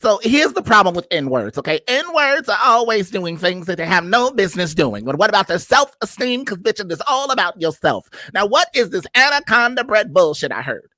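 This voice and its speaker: A man's voice: sits high, sing-song, normal speed, hardly any pauses, bright, forceful tone, no room sound, voice pushed up, full character voice. A man doing an impression of a brash, profane male comedian, scolding and ranting.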